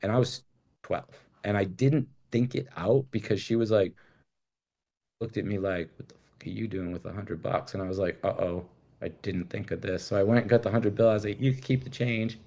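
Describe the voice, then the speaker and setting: A middle-aged American guest tells rambling, candid stories in a casual interview, swearing freely. His voice is fairly low and dark, with fairly even intonation and a fairly quick pace.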